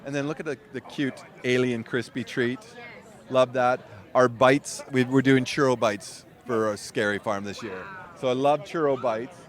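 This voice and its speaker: A man's voice: medium pitch, fairly even intonation, normal speed. Chatty man raving about park food. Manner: enthusiastic, rambling food descriptions. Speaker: food and beverage staff. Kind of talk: casual interview. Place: outdoors at a theme park.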